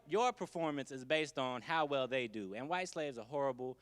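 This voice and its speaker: A male stand-up comedian talking in a laid-back, conversational way, with wry throwaway asides. His mid-pitched voice rings with a long hall reverb. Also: animated, normal speed, hardly any pauses, a bit bright.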